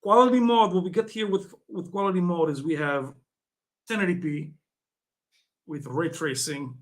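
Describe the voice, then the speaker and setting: A man hosting a casual community livestream chat, excitable and jokey, often laughing and teasing his viewers. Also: on the high side, normal speed. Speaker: livestream host.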